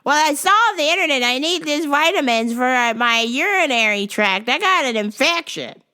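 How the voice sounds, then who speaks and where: A woman voicing a pushy older female customer who is stubborn and shrill, with an insistent, whiny way of repeating herself. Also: expressive, normal speed, pushed and bright.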